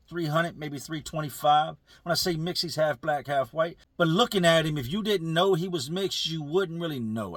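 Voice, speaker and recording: A man's voice: on the high side, husky. A man telling a prison story casually to viewers, using street slang and speaking to them directly.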